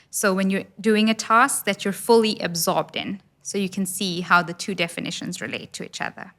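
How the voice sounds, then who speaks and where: A woman with a South African accent, speaking as an HR expert guest and giving composed, clear explanations. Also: medium pitch, a bit bright. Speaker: HR business partner guest. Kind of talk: expert interview answers.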